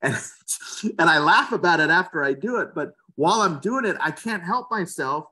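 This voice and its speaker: A passionate, opinionated man in a casual interview, his voice sitting a little high for a man. He talks with conviction and often repeats words mid-thought. He speaks as a real estate agent. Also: lively intonation, normal speed, sharp tone.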